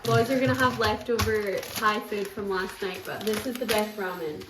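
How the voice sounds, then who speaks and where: A woman's voice: mid-range voice, fairly even intonation, normal speed, noisy background. A woman vlogger chatting casually and upbeat about her day. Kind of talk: casual vlog chat. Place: home kitchen and out on a commute. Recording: echoey room with clattering dishes.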